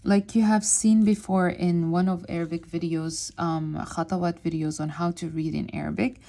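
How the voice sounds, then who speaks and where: A woman teaching Arabic reading to beginners, sounding out words syllable by syllable in a slow, deliberate way. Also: fairly low pitch, flat delivery, dark tone. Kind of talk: spoken lesson while writing on a board.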